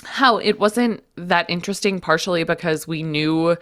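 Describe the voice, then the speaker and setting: A woman's voice: on the low side, normal speed, fairly bright tone. Congested woman podcast co-host. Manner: enthusiastic, reacts with gasps and exclamations. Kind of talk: casual chat.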